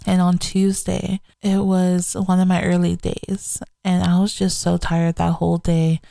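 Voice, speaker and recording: Young woman podcast host, slow and gravelly, low mellow voice, talks real open about her week. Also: monotone, dry recording. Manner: candid, reflective, slow-paced. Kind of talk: casual faith podcast talk.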